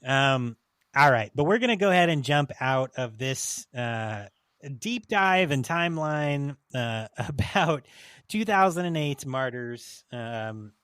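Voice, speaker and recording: A man's voice: medium pitch, animated, slow, a bit bright, clear, resonant tone, no room sound, clean studio sound. A young man hosting a casual podcast, talking loosely and laughing often, with a lot of swearing. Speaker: podcast host.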